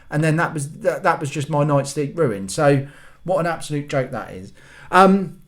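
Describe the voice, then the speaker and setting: A man's voice: fairly high pitch, lively intonation, normal speed. Ranting dad on his channel. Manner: exasperated ranting with self-mocking asides. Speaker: host. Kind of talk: casual rant to camera.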